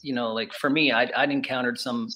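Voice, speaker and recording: A man's voice: medium pitch, steady tone, a little fast, sharp tone. A middle-aged man hosting an interview, enthusiastic and affirming as he responds and asks questions. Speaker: podcast host. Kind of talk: conversational interview.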